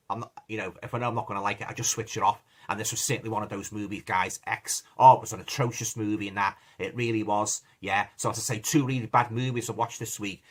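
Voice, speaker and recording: A man's voice: mid-range voice, a bit bright. Blunt rambling Liverpool man. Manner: blunt, rambling, repeats himself, lots of fillers. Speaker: movie reviewer. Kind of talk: casual vlog review.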